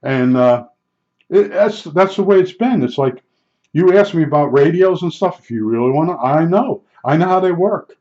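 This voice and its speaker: A man's voice: a little high, animated, moderate pace, darkish tone. Older man telling rambling stories, lo-fi. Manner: rambling, chatty, with fillers and restarts. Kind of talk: casual storytelling. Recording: dull lo-fi recording.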